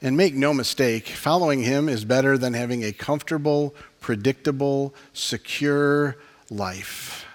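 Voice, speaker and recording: A man's voice: mid-range voice, measured pace. Male pastor, mid-range voice, earnest impassioned sermon delivery with a closing prayer. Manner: earnest, impassioned preaching with soft laughs.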